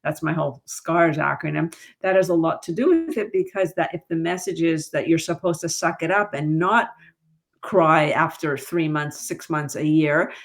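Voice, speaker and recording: A woman grief counselor and author talking in an interview, lively and jumping high in pitch when she quotes people. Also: normal speed. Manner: animated, rises high when quoting others. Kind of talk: conversational interview.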